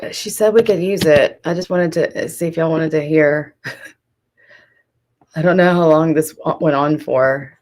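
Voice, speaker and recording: A woman's voice: deep voice, unhurried, darkish tone. A woman hosting a live stream, gossiping and calling people out in casual chat. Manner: sassy, gossipy, talks straight to chat. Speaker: streamer host.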